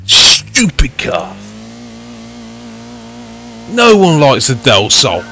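A man's voice: medium pitch, huge pitch swings, extremely slow, creaky, long pauses, bright, forceful tone, faint music behind. A young man giving live gameplay commentary as he plays a racing game, swearing often and getting frustrated with his car. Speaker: gaming channel host.

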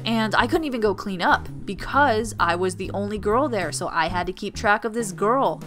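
A woman's voice: medium pitch, lively intonation, moderate pace, a bit bright, faint music behind. A young adult woman telling college stories as a casual storytime vlog, chatty and full of fillers. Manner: chatty, filler-heavy, vivid retelling. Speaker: storytime vlogger, former resident assistant. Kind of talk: casual storytime while drawing.

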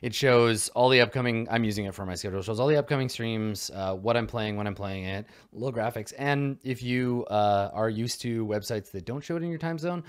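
A man's voice: medium pitch, fairly quick, few pauses, clear, resonant tone. A man who hosts and runs tabletop games, chatting loosely and casually and swearing now and then. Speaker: game master and stream host. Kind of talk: casual stream chat.

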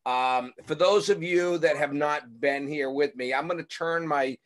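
A man's voice: on the high side, unhurried. Friendly middle-aged man teaching drawing on webcam. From central Massachusetts. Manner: friendly, instructive, thinks aloud while drawing. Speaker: illustrator giving a drawing lesson. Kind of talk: live drawing lesson for kids. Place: small home art studio. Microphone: webcam on a video call.

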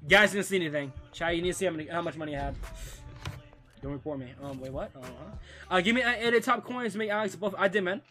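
Young male streamer with a high, bouncy voice and a bright edge; excitable trash talk over gameplay. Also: fast talker. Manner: excitable trash talk, constant "bro" and "dude". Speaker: gaming streamer. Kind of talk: live gameplay commentary.

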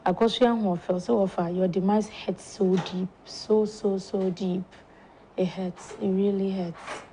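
A Ghanaian woman hosting a talk show, slowly and softly reading out viewer condolence messages in a studio. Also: mid-range voice, fairly even intonation, slight background noise, poor audio. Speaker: show host. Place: broadcast studio.

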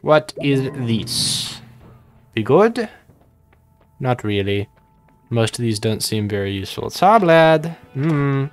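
A man's voice: medium pitch, big pitch swings, takes it slowly, long pauses, soft background music. A young man casually commenting on his own gameplay, rambling and joking, with sudden panicky outbursts. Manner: rambling, jokey, panicky bursts. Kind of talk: casual let's-play commentary.

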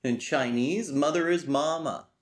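A man talking casually through a study session, slowly repeating phrases aloud and thinking as he goes. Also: fairly high pitch. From United States. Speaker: language learner teaching himself.

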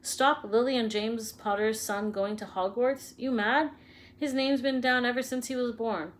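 A woman voicing a huge, gruff but kindly male gamekeeper in a storybook reading, with rough country speech. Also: fairly high pitch, steady tone, measured pace, close to an everyday voice. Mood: indignant.

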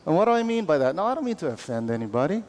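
A male pastor delivers a lively sermon, talking to his congregation like friends and drawing call-and-response from them. His voice sits a touch high. A long reverb from the church hall trails each phrase. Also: racing. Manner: animated, conversational preaching with call-and-response. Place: church sanctuary.

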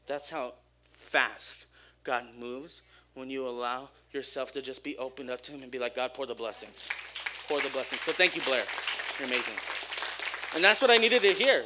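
A young man giving a casual, energetic sermon at a church service, joking with the crowd and talking openly about himself. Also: mid-range voice, normal speed, background noise. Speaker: church speaker.

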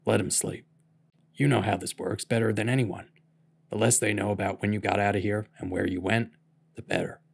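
A man reading aloud, voicing a gruff older man who grumbles orders at a teenager. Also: on the low side, steady tone, brisk.

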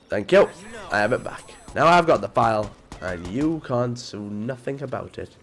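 Excitable stuffy-nosed man gaming. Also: mid-range voice, moderate pace. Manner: excitable, jumps between mutters and yelps. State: stuffy nose from a cold. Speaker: gaming video creator. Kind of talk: live gameplay commentary.

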